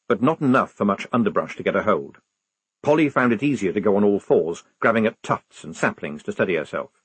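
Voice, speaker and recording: Husky-voiced male audiobook narrator. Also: lowish voice, no echo. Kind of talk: scripted narration.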